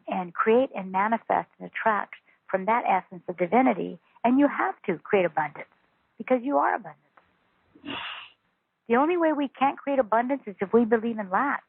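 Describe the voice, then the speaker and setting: Gravelly woman teacher on a tinny phone line. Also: medium pitch, no echo. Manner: earnest, repetitive, emphatic. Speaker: spiritual teacher. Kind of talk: phone interview.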